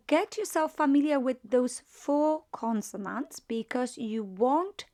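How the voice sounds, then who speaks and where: Slow, patient Polish-accented woman teacher. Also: a little high, a little mellow. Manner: patient, repeats "right?" after each point, many fillers. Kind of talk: grammar lesson explaining verb conjugation.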